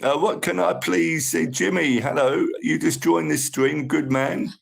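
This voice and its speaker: Croaky, gravelly British man chatting live. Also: on the high side, fairly even intonation, measured pace. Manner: chatty and upbeat, easily overexcited. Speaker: livestream host. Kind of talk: casual chat reading viewer comments.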